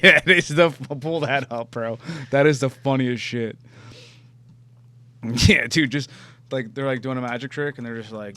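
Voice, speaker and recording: A young man co-hosting a podcast, casually chatting, laughing often and swearing as he tells animated stories. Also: medium pitch, moderate pace. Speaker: podcast co-host. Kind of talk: casual chat.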